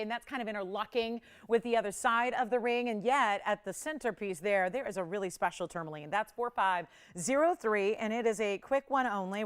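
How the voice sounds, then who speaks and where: A woman's voice: a little high, fairly bright tone, clean tone. A woman hosting a live jewelry shopping show from a studio, chatting upbeat and laughing often as she sells. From Los Angeles area resident. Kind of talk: live on-air sales chat. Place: television studio.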